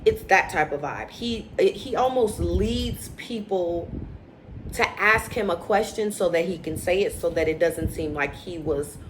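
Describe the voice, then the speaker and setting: Recap host: chatty woman, lowish voice, opinionated, faint hiss behind. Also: measured pace. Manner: chatty and opinionated, acts out quotes with animated inflection. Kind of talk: casual recap commentary.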